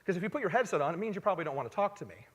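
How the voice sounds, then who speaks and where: A man giving a live stage talk, telling stories conversationally and swinging between loud emphasis and quiet asides. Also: high-pitched, very animated, very fast, breathy edge. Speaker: speaker at a live talk event. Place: large hall, on stage before an audience. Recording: long hall reverb.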